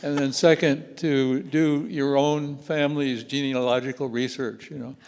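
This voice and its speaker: A man's voice: medium pitch, fairly even intonation, measured pace, a little mellow. A man in the audience offering plain, practical suggestions at a forum. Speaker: audience member asking a question. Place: church hall, live audience. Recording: long reverb of a large hall.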